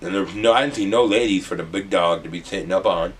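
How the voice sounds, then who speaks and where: A young man from the US Midwest, telling a rambling, animated storytime with some swearing. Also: low voice, quick pace, slightly rough. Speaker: vlogger. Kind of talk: casual storytime.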